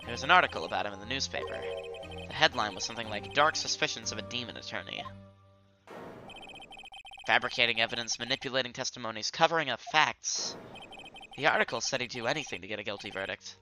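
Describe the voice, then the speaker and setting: A man voicing an earnest young male defense attorney who tells his past in a soft, wistful way. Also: mid-range voice, lively intonation, fast talker, over music, natural voice.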